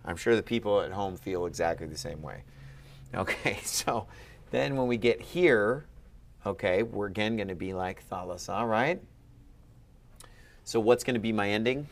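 Male teacher, low register, encouraging one-on-one quizzing. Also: moderate pace, long pauses, slight background noise. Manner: patient, quizzing, upbeat. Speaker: Ancient Greek teacher. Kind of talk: one-on-one lesson.

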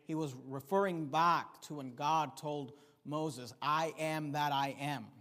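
A man's voice: a little high, fairly even intonation, slow, fairly bright tone. A man preaching a sermon, emphatic, repeating key phrases and rising in volume to stress points. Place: church sanctuary. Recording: long reverb of a hall.

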